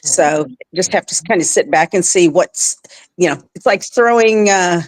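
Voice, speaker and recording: A woman chatting on a business roundtable in a relaxed, rambling way, with many fillers. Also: fairly low pitch, normal speed. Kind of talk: casual roundtable chat.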